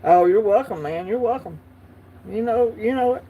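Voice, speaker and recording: A man's voice: high-pitched, lively intonation, moderate pace, warm tone, breathy edge. A man with a Southern US accent hosting a casual livestream, chatting easily and answering viewer comments as they come in. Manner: chatty, easygoing, talks back to the chat. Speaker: livestream host.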